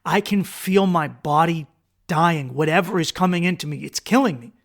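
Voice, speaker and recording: A podcast host, a man, telling a personal story in an intense, profane monologue that swings between loud outbursts and hushed lines. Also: on the high side, normal speed.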